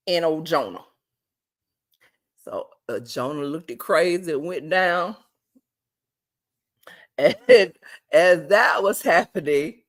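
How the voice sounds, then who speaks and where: A woman casually recapping a TV episode for her viewers, chatty and laughing often. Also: lowish voice. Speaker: show recap vlogger.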